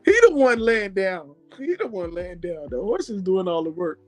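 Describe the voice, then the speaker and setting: A woman hosting a casual chat show, telling stories in a lively, animated way. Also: fairly low pitch, normal speed, faint music behind. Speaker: host.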